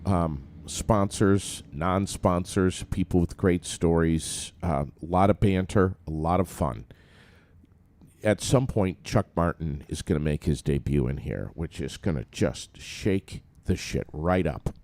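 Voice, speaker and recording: Deep-voiced man co-hosting talk radio. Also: measured pace, a little mellow. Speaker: radio co-host. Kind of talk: casual morning show banter and news reading. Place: studio.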